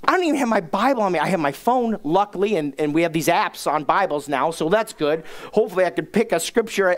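A middle-aged man, a pastor, telling a humorous personal story in a sermon, self-mocking and acting out the people he quotes. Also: sits high. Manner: animated, self-mocking, acts out quoted dialogue.

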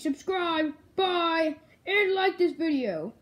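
A woman's voice: very high voice, measured pace, few pauses. A young woman giving a casual toy review, chatty and full of "like" and "um". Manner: chatty, lots of "like" and "um".

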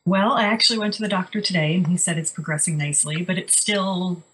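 A woman's voice: on the low side, fast talker, a bit bright, poor audio. A woman co-hosting a podcast, telling stories in a chatty, wry, casual way. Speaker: podcast co-host. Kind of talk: casual chat.

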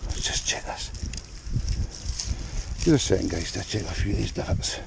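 A Scottish metal detectorist chats cheerfully to the camera as he digs in a cold field, keeping up a running commentary. He has a lowish, gravelly, animated voice at a moderate pace, with noise in the background.

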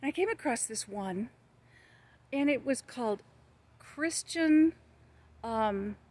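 A woman's voice: fairly high pitch, lively intonation, slow, darkish tone. Older American woman, earnest street evangelist telling her stories, filmed outside on a hot day. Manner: earnest, storytelling with quoted dialogue. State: hot, red-cheeked in a heat wave. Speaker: evangelist vlogger. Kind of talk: casual testimony vlog. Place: outdoors in the shade of a tree.

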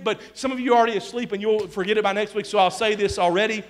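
A male pastor, preaching a sermon in a folksy, joking way that swings from quiet confiding to shouting. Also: high-pitched, fairly even intonation, very fast, hardly any pauses. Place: church sanctuary.

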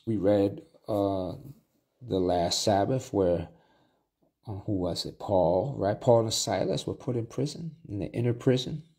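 A man's voice: on the low side, vocal fry, darkish tone, husky. A man preaching a Bible study sermon, reading scripture aloud and then explaining it in plain talk with restarts and asides.

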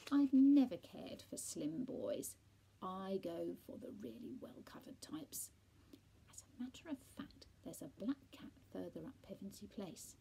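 A woman's voice: mid-range voice, creaky, dark tone, slightly rough, heavily acted, poor audio. Woman voicing a sweet, coy lady cat. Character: elegant pretty female tortoiseshell cat, choosy.

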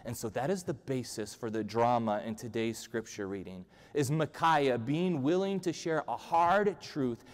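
A male pastor gives a humorous, conversational sermon in a church sanctuary, his mid-range voice a little mellow. The recording carries long church-hall reverb.

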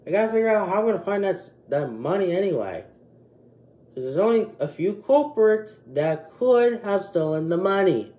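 A man's voice: high voice, big pitch swings, normal speed, warm tone, reverberant. A twelve-year-old boy hosting a casual vlog, agitated and rambling with many restarts. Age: 12 years old. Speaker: youtube channel host.

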